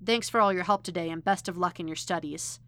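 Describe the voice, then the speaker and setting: A woman voicing a gruff older blind man, brisk and curt. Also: on the low side, fairly bright tone, natural voice.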